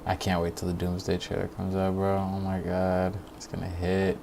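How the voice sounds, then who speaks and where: A man's voice: low voice, completely flat delivery, moderate pace, vocal fry, noisy background. A man hosting a stream, giving casual reaction commentary in a blunt, profane and mocking way, laughing often. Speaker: streamer host.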